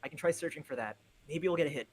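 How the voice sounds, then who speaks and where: Co-host reading game lines on a call. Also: male voice, on the high side, racing, breathy edge. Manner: reads lines with exasperated energy, laughs easily. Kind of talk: casual live-stream play-through. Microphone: headset over voice call.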